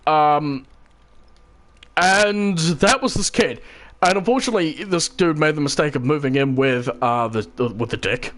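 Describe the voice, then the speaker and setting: A man's voice: fairly high pitch, moderate pace, a bit bright. A young man, casually telling a rambling story with swearing and acted-out quotes. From New Zealand. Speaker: channel host. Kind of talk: casual storytelling while gaming.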